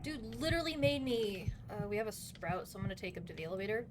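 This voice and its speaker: A woman streaming a game live, talking loudly and exasperated, swearing a lot and laughing between outbursts. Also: medium pitch, lively intonation, fast talker, background noise. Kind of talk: live gameplay commentary.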